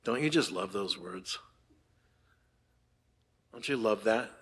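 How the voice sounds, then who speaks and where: An older man preaching a conversational sermon, asking the congregation "right?" often and moving between hushed and emphatic delivery. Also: lowish voice, animated, slow pace, breathy edge. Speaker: pastor.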